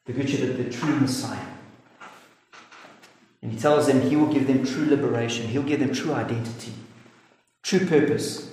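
Earnest preacher in an echoey hall. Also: male voice, medium pitch, darkish tone. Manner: earnest, emphatic, slows for stress. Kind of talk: sermon. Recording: echoey hall with faint noise.

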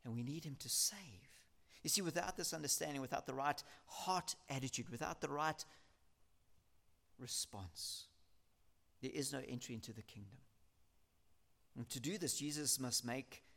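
This is a man giving a sermon, emphatic and sincere, layering his points through repetition and taking scripture slowly when he reads it out. He speaks at a medium pitch with some vocal fry and a slightly bright tone.

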